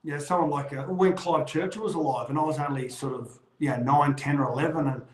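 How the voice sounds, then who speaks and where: A man's voice: on the high side, quick pace, reverberant, low-quality recording. A middle-aged Australian man, a former rugby league player, telling stories in a casual chat and acting out the voices of the people he quotes. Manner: animated yarn-spinner, acts out quoted voices.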